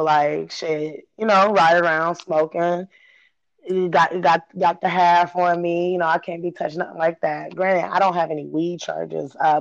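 A woman's voice: lowish voice, creaky. A woman in her thirties from Illinois, telling her own story in casual talk, laughing often, cursing freely and acting out what people said. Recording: dull lo-fi recording.

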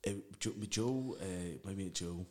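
A young man, chatting casually as a podcast guest, rambling through stories, swearing freely and acting out quotes loudly. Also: sits low, unhurried. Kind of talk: casual chat.

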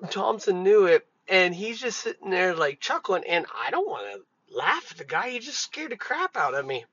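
A man's voice: high voice, very animated, normal speed, a bit bright, slightly rough. A man hosting a podcast, telling work stories in a loose, profane, casual way with many fillers. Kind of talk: casual storytelling monologue. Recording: dull lo-fi recording.

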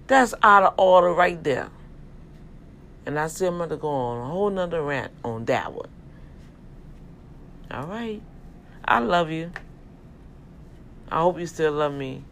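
A man's voice: a little high, lively intonation, moderate pace, long pauses, pushed and bright, slight background noise. A man in a casual, sermon-like rant to his viewers, emphatic and folksy, urging them toward God. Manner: talks directly to viewers, folksy. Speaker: vlogger and self-publisher. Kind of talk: casual preachy rant to camera.

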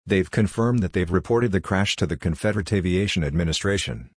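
A man reading the part of a calm, logical female android who is helping crash survivors, in a level, matter-of-fact way. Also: low-pitched, a little fast, slightly rough, no room sound, studio quality.

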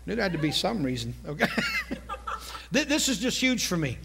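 A man's voice: high voice, big pitch swings, moderate pace, creaky, background noise. A man delivers a sermon. He talks in a loose, conversational way, cracking jokes and asking the crowd if they follow along. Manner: conversational, jokey, asks the congregation questions. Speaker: preacher.

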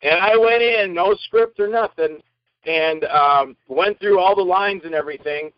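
A man telling anecdotes from film shoots in an interview, acting out the people he quotes with lively, changing voices. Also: sits high, measured pace, no room sound, muffled recording. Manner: animated, acts out quoted lines in varied voices. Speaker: actor and interview guest.

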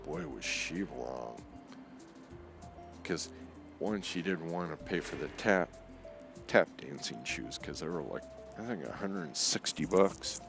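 A man with a very deep, gravelly voice tells a story slowly and unhurriedly. His delivery swings up and down with lively pitch as he acts out the people in it. Clear music plays behind him. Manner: animated, acts out quoted voices. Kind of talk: casual spoken storytelling.

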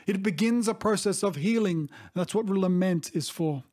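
A middle-aged man preaching a sermon as a pastor, earnest and reflective, often pausing to restate himself. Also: sits high, a little mellow. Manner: earnest, reflective, with frequent restarts and "you see".

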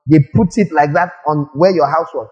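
A male preacher giving a lively sermon, firing rhetorical questions at the congregation and acting out little scenes. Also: on the high side, moderate pace, lo-fi sound.

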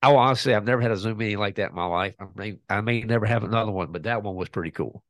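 A man's voice: fairly low pitch, rapid-fire, fairly bright tone, dry recording. A man, a podcast guest casually telling a story and acting out both sides of a conversation.

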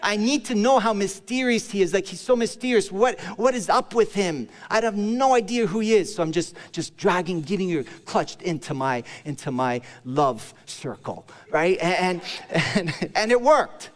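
Playful pastor preaching in a reverberant hall. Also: male voice, lively intonation, normal speed. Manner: playful storytelling with acted-out quotes, dropping low and soft for serious points. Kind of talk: sermon. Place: church service.

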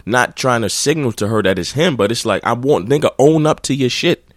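A man's voice: medium pitch, expressive, fairly quick, dry recording, studio quality. A man hosting his own podcast, telling a rambling, profane anecdote in a blunt, casual way. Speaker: podcast host. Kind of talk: casual storytelling.

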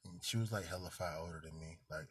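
A man's voice: low-pitched, fast, a bit bright, a little hiss or hum. A man hosting a casual podcast from a parked car, telling stories in a laid-back, slangy way. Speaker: podcast host. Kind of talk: casual chat.

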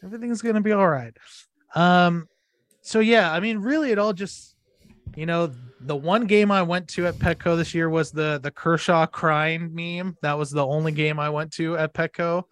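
A man's voice: fairly high pitch, fairly even intonation, normal speed, fairly bright tone. A man co-hosting a casual sports podcast, gloating and swearing as he mocks rivals. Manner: gloating, profane, mocking. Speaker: podcast co-host.

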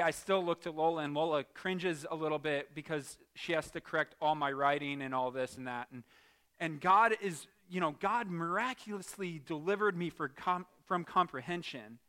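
A man delivers a Sunday sermon in a high, bright voice. He talks with the congregation and jokes with them. He drops into quiet asides and then bursts into loud exclaims. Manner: animated, jokey, shifts from quiet asides to loud shouts. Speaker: pastor. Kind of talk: lively church sermon.

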